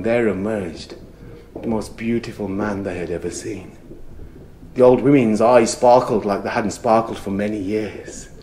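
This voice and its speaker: A man storyteller telling a folk tale to a camera, building rhythm through repeated phrases and dropping to soft murmurs. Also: fairly low pitch, a little hiss or hum.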